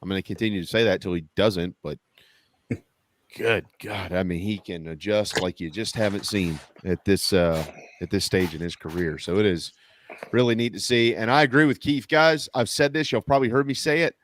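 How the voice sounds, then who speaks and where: Animated man ranting about sports. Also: fairly low pitch, normal speed, a little hiss or hum. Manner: animated, incredulous rants. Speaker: sports talk show co-host. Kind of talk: casual sports talk.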